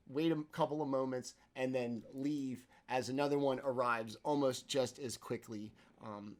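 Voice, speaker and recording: A man narrating a tabletop game as game master. He rambles through his descriptions with many fillers and hedges, at a mid pitch.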